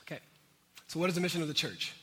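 A man with a high, bright voice preaches in a loose, conversational style, talking straight to his listeners. His words ring out in a hall with a long reverb. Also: very fast. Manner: animated, conversational preaching with asides to the congregation. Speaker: pastor. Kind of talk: sermon.

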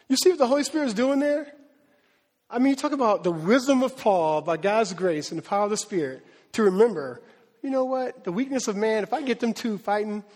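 A male preacher gives an animated, conversational sermon and laughs often. His voice sits high, and a long reverb fills the sanctuary.

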